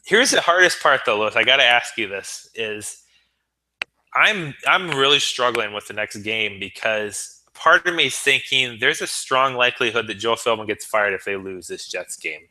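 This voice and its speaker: A man's voice: mid-range voice, expressive, normal speed, bright, forceful tone, poor audio. A man co-hosting a sports talk show, earnest and stammering as he builds long arguments. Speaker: podcast co-host.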